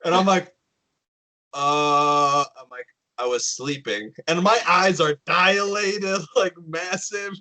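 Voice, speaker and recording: Podcast host, male, casual storyteller who acts out the quotes; bright voice. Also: a little high, slow pace, poor audio. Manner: animated storyteller, acts out quotes, swears often.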